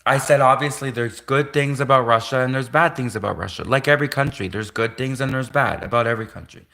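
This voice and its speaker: A man's voice: medium pitch, quick pace, gravelly, bright, forceful tone. A man live-streaming a casual, rambling monologue, repeating himself and laughing at his own jokes.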